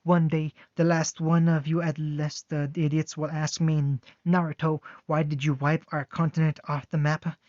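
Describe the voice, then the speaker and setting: A man's voice: a little high, little pitch movement, normal speed, few pauses, no echo, natural voice. A man voicing a furious superhuman father who snarls with scorn, on a dull, dry recording. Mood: snarling. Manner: scornful, rising to a yell.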